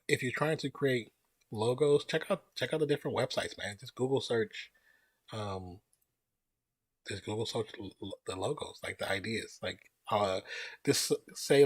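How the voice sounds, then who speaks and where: A man's voice: medium pitch, breathy edge, no room sound. A man hosting a live stream, chatting loosely and greeting viewers as they join. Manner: relaxed, rambling, greets chat viewers by name. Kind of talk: casual live stream chat.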